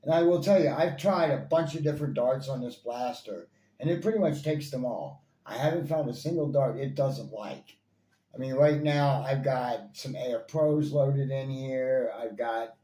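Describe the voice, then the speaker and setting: A man's voice: mid-range voice, mellow, slight background noise. A man reviewing toy blasters in casual chat, enthusiastic and rambling, with lots of fillers and repeats. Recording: echoey room, faint ambience.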